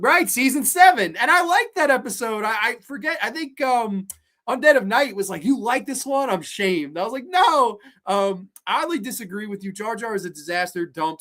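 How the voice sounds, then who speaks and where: Profane, animated streamer in late twenties. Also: medium pitch. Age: late 20s. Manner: animated, swears a lot, frequent restarts. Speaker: live stream host. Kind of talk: casual live stream chat, reacting to viewer comments.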